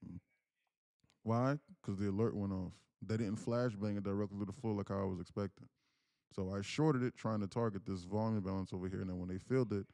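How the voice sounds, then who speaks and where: A man's voice: on the low side, mellow, dry recording, studio quality. A man live-streaming his day trades, talking casually to his chat and breaking into laughter.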